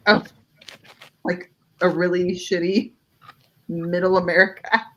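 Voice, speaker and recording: A woman's voice: fairly low pitch, level tone, a little slow, dull audio. A woman co-hosting a podcast, chatting casually and joking at her own expense, often trailing off mid-thought. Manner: chatty, self-deprecating, trails off. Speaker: podcast co-host. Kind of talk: casual chat.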